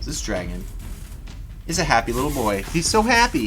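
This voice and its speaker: A man narrating a livestreamed tabletop battle as game master, in an animated, chatty way, talking directly to his viewers. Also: medium pitch, normal speed, faint music behind.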